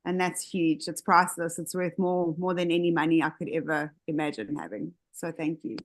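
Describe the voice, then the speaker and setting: Earnest woman with a low voice. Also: steady tone. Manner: earnest, idealistic, slow and deliberate. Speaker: community leader. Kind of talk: inspirational speech on a video call. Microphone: video call.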